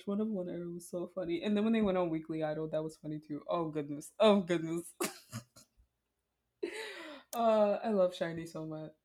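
A woman's voice: fairly low pitch, darkish tone. A woman co-hosting a podcast in casual chat, gushing like a fan and leaning on "like" a lot. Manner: gushing fan talk, heavy use of "like". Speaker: podcast co-host.

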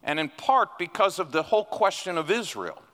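Male guest preacher, bright and lively, rising to emphatic peaks; long church reverb. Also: sits high, normal speed. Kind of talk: sermon. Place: church sanctuary.

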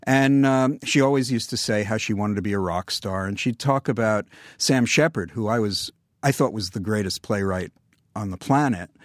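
Older male guest, wry anecdotal delivery, deadpan asides, dry studio read. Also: lowish voice, moderate pace, dry recording. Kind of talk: conversational interview storytelling.

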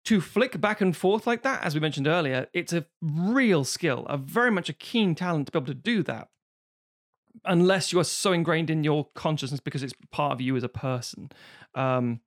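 Podcast cohost guy, a bit high voice, explains stuff, casual swearing. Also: expressive, moderate pace. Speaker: podcast co-host.

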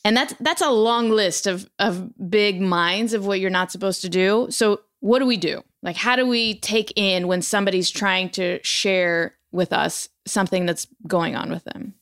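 A woman's voice: mid-range voice, normal speed, fairly bright tone, clean tone. A woman hosting a podcast in a chatty way, laughing between points while talking through a book. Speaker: podcast host. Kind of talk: casual podcast conversation.

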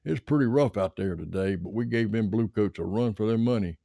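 A man's voice: fairly low pitch, a little fast, creaky, dark tone, no echo, clean studio sound. A man voicing a weary, bearded Confederate soldier in a story, laconic with a folksy drawl.

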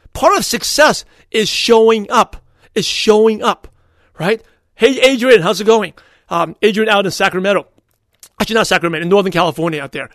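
Guy with a high voice rattling off a story, dry close sound. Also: no room sound. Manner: animated, quotes people in quick back-and-forth. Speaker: podcast host. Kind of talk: casual storytelling monologue.

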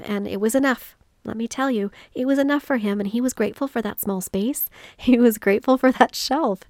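A woman's voice: mid-range voice, creaky, a little mellow, dry recording, clean studio sound. A woman hosting a solo motivational podcast, telling a personal story in an earnest, reflective way. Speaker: podcast host.

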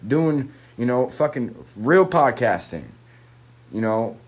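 A man's voice: mid-range voice, big pitch swings, takes it slowly. A young man ranting alone on a podcast, swearing constantly and rambling in frustration, recorded on a phone microphone. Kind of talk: frustrated solo podcast rant.

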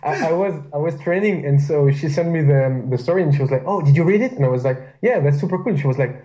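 A man's voice: on the high side, fast. French-accented man on a dull line. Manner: laughing, relaxed storyteller. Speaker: coach, guest. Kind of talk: casual podcast interview. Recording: dull, lo-fi sound.

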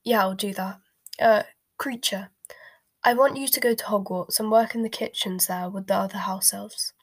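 A woman's voice: medium pitch, fairly even intonation, normal speed, close to an everyday voice. A woman whispering as a blunt teenage boy. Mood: reluctant. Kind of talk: whispered role-play.

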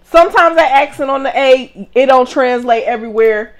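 A woman with a fairly high voice hosts a loose, casual chat. She talks in an animated, emphatic way, laughs easily and leans hard into her stories. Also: normal speed. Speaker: podcast host.

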